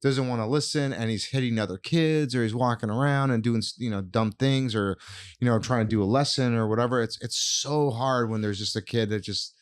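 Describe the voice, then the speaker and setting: An American man, a teacher, talking about his classroom in a relaxed, rambling podcast chat. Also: mid-range voice, a little fast, smooth. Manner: relaxed, talks in loose restarts and fillers.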